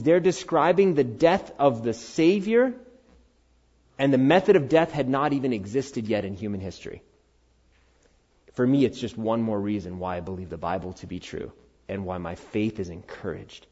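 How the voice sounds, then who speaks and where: A middle-aged man preaching a sermon, earnest and animated, swinging from loud, high emphasis down to quiet, low conviction. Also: moderate pace, husky. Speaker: pastor. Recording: dull, slightly lo-fi sound.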